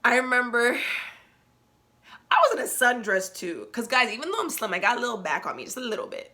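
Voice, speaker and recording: Young woman host with a bright, forward voice; candid, slangy, animated storyteller. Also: fairly high pitch, fairly quick. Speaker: podcast host. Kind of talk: casual storytelling podcast.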